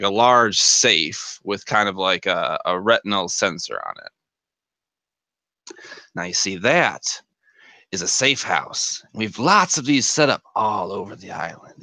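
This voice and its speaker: A man's voice: on the low side, bright, forceful tone, dry recording, full character voice. A man voicing a smug male show sponsor who taunts the players from a screen.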